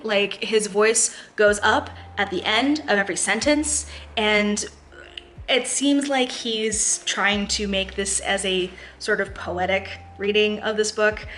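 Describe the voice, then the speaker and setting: A young woman chatting to camera about books she read, talking in quick asides and laughing often. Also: mid-range voice, bright, forceful tone, a little hiss or hum. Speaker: book vlogger. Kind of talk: casual chat to camera.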